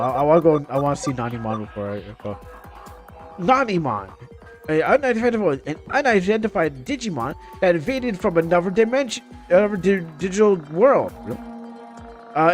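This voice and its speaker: Stumbling young male game streamer. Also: high-pitched. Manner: stumbling, restarting words while reading aloud. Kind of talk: casual gameplay commentary, reading game text aloud.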